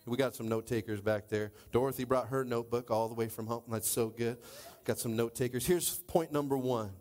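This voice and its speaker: A man preaching a sermon in church, animated, swinging between loud exclamations and low asides. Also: brisk. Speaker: pastor.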